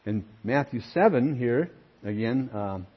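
Husky older man preaching earnestly. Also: mid-range voice, expressive, unhurried, lo-fi sound. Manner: earnest preaching, emphatic, addresses listeners as friends. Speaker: pastor. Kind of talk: sermon.

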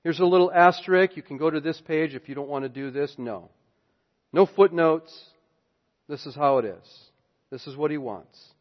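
A man preaching a sermon as pastor, emphatic, swinging between loud declarations and hushed asides. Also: on the high side, moderate pace. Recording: dull sound with long hall reverb.

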